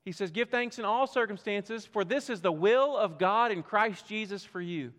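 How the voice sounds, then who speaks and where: A man pastor preaching a sermon to a church congregation, emphatic and swinging from loud to hushed. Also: high voice, moderate pace. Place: church sanctuary. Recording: long reverb of a church hall.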